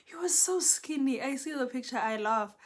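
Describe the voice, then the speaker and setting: Animated South African woman telling a story. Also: high voice, moderate pace. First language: Setswana. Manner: animated, code-switching, dramatic retelling. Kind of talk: casual storytime.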